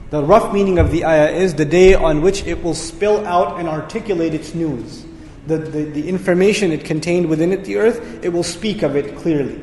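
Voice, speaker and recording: Fast-talking high-voiced male lecturer. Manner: energetic explaining, repeats key words. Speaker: Quran teacher. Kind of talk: lecture on Quranic word meanings. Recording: echoey hall reverb.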